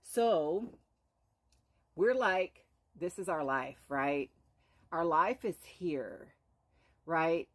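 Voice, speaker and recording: A woman with a slightly low voice telling an inspirational story on a live stream. She speaks earnestly and keeps checking in with a rhetorical "right?". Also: drawn-out words, pauses often.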